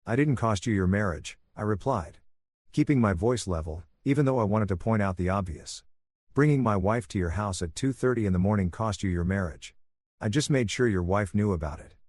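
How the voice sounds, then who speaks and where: A man narrating a first-person story in an even, soothing storytelling manner. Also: fairly low pitch, no echo, clean studio sound.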